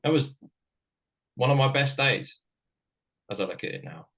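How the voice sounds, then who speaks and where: A middle-aged British man who once played and coached hockey tells a personal story frankly, his sentences halting and restarting. His mid-range voice is a bit bright with lively intonation, and the recording is rough.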